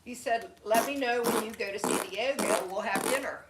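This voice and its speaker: A woman's voice: a little high, normal speed. A woman co-hosting a casual livestream, teasing and reading out viewer names. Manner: teasing, playful. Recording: echoey room with noise.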